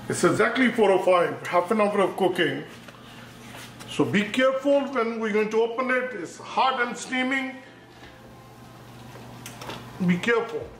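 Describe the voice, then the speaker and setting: Male cooking host, higher pitch, careful instructive delivery narrating each step; roomy kitchen sound with light background noise. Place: home kitchen. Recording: echoey room with faint noise.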